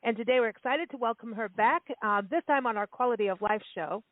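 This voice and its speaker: A woman's voice: on the high side, fast, no echo. Chatty woman co-host for casual radio talk, heard over a dry phone line. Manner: chatty, laughs often, rambling. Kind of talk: casual radio interview chat. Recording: tinny phone-line sound.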